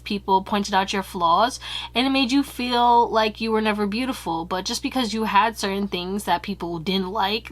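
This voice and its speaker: A woman giving a casual pick-a-card tarot reading to her viewers, chatty and candid, with slang and casual swearing. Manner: acts out quoted remarks in higher, louder voices. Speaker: tarot reader.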